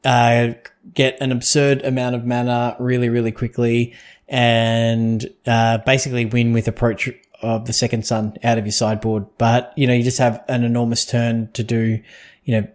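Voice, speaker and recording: A man's voice: mid-range voice, little pitch movement, moderate pace, darkish tone. Man rambling through a card-game podcast. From Australia or New Zealand. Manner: rambling, many fillers and restarts. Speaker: podcast co-host.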